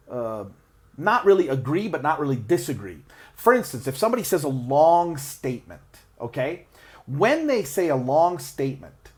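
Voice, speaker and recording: A man teaching English learners useful phrases in a chatty way, with lots of "uh" and restarts, laughing as he acts out sample exchanges. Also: medium pitch. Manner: chatty, with frequent "uh" and self-restarts; acts out sample replies and laughs between examples. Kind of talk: explaining tips to English learners.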